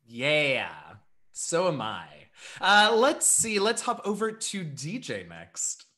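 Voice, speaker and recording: Bright-voiced male game master. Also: a little high, huge pitch swings, slow pace. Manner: effusive, grateful, playful banter. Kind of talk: warm show introduction.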